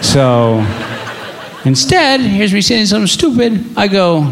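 A man's voice: high-pitched, very animated, unhurried, creaky, a bit bright, a little hiss or hum. A man doing stand-up comedy, telling stories about his family in an exasperated, profane way. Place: comedy stage with live audience.

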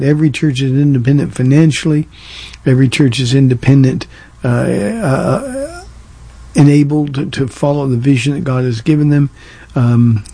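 A Southern California man who pastors a church hosts a call-in radio show, fielding listener questions in a casual Q&A format. His medium-pitched voice has a dark tone and no echo. He sounds earnest and conversational, often restarting his sentences.

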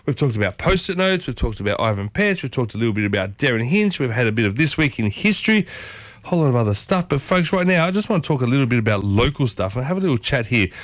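A man with an Australian accent hosting a morning radio show, talking in a chatty, animated way and often questioning his listeners directly. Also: mid-range voice, quick pace, no room sound. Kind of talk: casual talk radio monologue.

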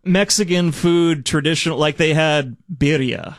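A man's voice: fairly high pitch, unhurried, no echo, studio quality. A man co-hosting a sports radio show, telling a rambling story in casual on-air chat with small laughs. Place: radio studio.

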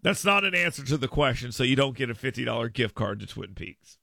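A man's voice: mid-range voice, expressive, quick pace, vocal fry, bright, forceful tone, no room sound, studio quality. A man hosting a radio talk show, riffing emphatically with listeners in a casual monologue.

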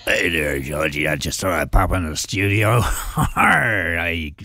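Gravelly older man, joking around. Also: sits low, animated, slow pace, sharp tone. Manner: gravelly, playful and teasing. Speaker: regular visitor to the radio show. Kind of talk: joking banter. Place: radio studio.

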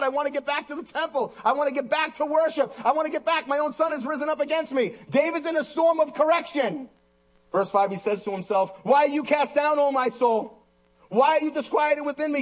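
A man preaching a sermon as pastor, impassioned and repetitive, swinging between loud urging and hushed intensity. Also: very high voice. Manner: repeats phrases for emphasis.

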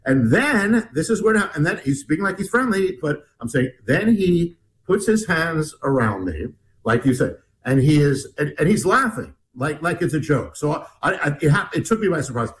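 A man telling a story in an interview, animated and rambling, with many restarts. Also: fairly high pitch, moderate pace, hardly any pauses, slight background noise, poor audio. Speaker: guest author.

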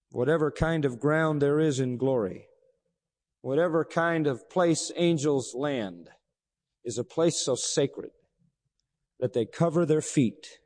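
A man preaching a sermon as pastor, animated, asking rhetorical questions and pausing for effect. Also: on the high side. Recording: long reverb of a large hall.

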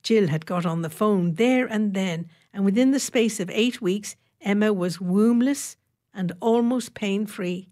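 A woman reading an audiobook in a measured, wry storytelling manner. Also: medium pitch, a little mellow. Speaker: narrator. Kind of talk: audiobook narration.

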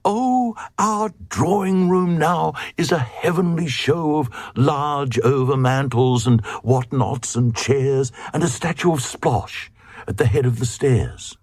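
A man squeaking as a gushing silly queen. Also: takes it slowly, a little mellow, slightly rough, dry recording, clean studio sound. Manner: shrill, gushing.

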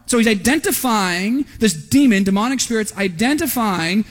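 A man with a high voice preaching a sermon in a church sanctuary, with a long reverb trailing his words. He talks conversationally and keeps checking in with the congregation. His voice lifts with animation when he reads quoted lines aloud. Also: animated, normal speed, hardly any pauses. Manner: conversational, often asking the crowd "right?". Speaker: pastor. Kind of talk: expository sermon. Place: church sanctuary during a service.

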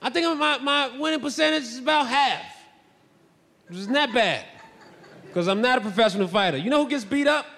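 A young adult man doing stand-up, telling self-mocking stories loudly and acting out voices. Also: very high voice, a little fast, gravelly, pauses often. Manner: loud, animated, self-mocking, acts out voices. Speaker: stand-up comedian. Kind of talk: stand-up storytelling. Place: stage in a large hall. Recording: live hall with long reverb.

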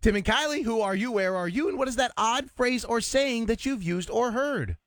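A man's voice: very high-pitched, lively intonation, moderate pace, no room sound. A man co-hosting a call-in radio show, chatting casually and laughing along with callers.

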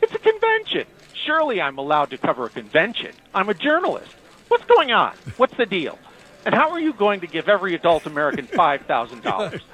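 An indignant TV journalist who fires off questions in disbelief, as a man puts him on in a comedy sketch. The pitch is very high and jumps around animatedly. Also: wildly swooping pitch, brisk, pushed and bright, heavily acted, rough recording. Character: skeptical blustering male TV journalist.

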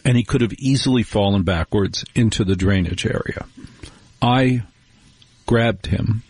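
A man hosting a late-night radio talk show, chatting with wry, animated asides and telling stories. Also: fairly low pitch, unhurried, breathy edge, no echo.

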